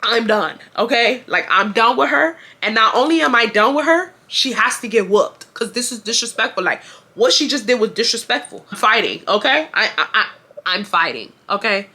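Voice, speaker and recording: A woman in her twenties from Houston, telling a casual storytime in an animated, emphatic way that repeats lines for effect. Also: fairly high pitch, a little fast. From Houston, Texas. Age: 20s. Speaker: vlogger.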